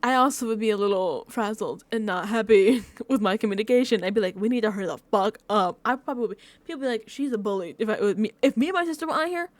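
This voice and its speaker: A woman's voice: a little high, animated, fast talker, few pauses, no echo. A woman vlogging casual reaction commentary, rambling and repeating herself with lots of fillers. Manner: chatty, self-deprecating. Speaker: recap vlogger.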